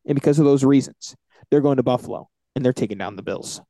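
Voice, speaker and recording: A man co-hosting a casual sports podcast, animated and confident as he runs through his football picks. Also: mid-range voice, fast talker, no room sound. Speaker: podcast co-host.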